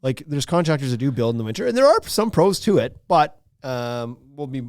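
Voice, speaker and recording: Chatty male podcast co-host, animated rambling delivery. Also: mid-range voice, fairly quick, no room sound, clean studio sound. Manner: rambling storyteller, laughs a lot. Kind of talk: casual podcast chat.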